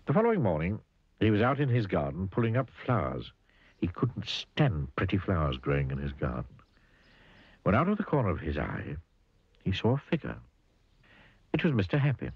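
Deep, husky-voiced man reading a storybook. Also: moderate pace, long pauses, no room sound, muffled recording. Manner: animated, asks the listener questions. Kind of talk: storybook read-aloud narration.

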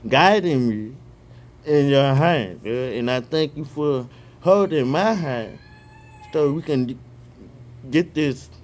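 A man praying fervently and reading scripture aloud outdoors, excitable and stumbling over repeated words, speaking each punctuation mark aloud. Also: medium pitch, slow pace, long pauses. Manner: reads punctuation marks aloud. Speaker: online Bible reader.

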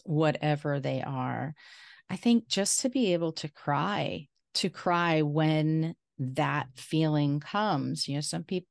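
A woman's voice: deep voice, creaky, clear, resonant tone, no room sound, studio quality. A woman hosting a podcast as a therapist in casual interview chat, thoughtful and agreeable.

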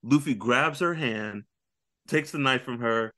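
A man co-hosting a casual pop-culture podcast, retelling anime scenes with lively storytelling and acted-out character lines. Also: mid-range voice, unhurried. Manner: animated storytelling, acting out characters with big voice jumps. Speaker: podcast co-host.

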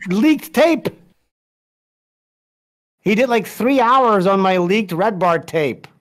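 A man's voice: high-pitched, lively intonation, slow pace. A man telling a story as a podcast guest, casual, profane and rambling, with many restarts.

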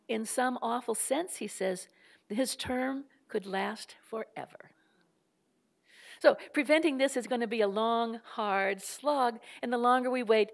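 A woman's voice: on the high side, creaky. An older woman giving a public lecture, impassioned and building her points through rhetorical questions and repetition.

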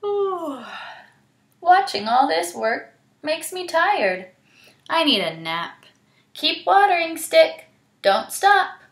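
A sly, lazy male spider trickster from a storybook, voiced by a woman, drawling and showing off. His voice climbs and dips a lot. A gravelly edge and a roomy echo hang around him. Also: extremely high pitch, sing-song, slow, pauses often, pitched above the performer's own voice, heavily acted.

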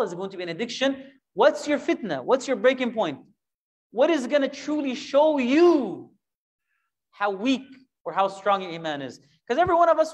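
Man teaching a Quran lesson. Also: very high voice. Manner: animated, acts out imagined voices, rhetorical questions.

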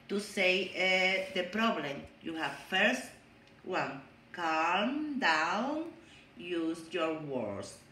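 Woman preschool teacher, drawn-out sing-song delivery, reverberant room with faint hiss. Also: medium pitch, sharp tone. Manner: slow, exaggerated, sing-song teacher talk. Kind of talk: online class lesson for young children. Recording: echoey room with faint hum.

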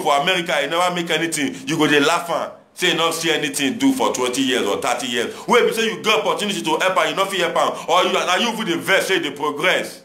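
A man's voice: fairly high pitch, sharp tone, roomy sound. A young Nigerian man speaking Nigerian Pidgin English, exhorting his listeners in a passionate, repetitive monologue. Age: young adult. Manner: preachy, exhorting, repetitive rhetoric. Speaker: commentator addressing viewers. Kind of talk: impassioned monologue.

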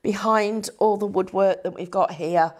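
A woman's voice: mid-range voice, fairly even intonation, unhurried, darkish tone. A middle-aged woman presenting crafts live, chatting and rambling in a self-deprecating way. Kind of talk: live-stream product demo chat.

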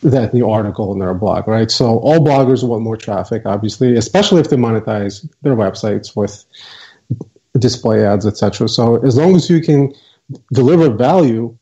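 A man with a mellow, relaxed voice explains his views in a measured, hesitant way, full of small fillers. The audio is dull and lo-fi. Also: medium pitch. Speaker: guest, software co-founder. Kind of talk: casual interview talk.

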